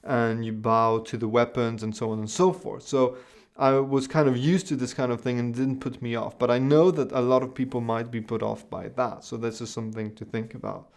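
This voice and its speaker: A man in his thirties talks through a personal story in a relaxed, wandering way, circling back and repeating himself as he goes. His voice is smooth and clear at a medium pitch. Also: brisk. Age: 30s. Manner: casual, rambling storytelling with fillers and repetitions. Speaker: video creator. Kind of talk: personal experience vlog.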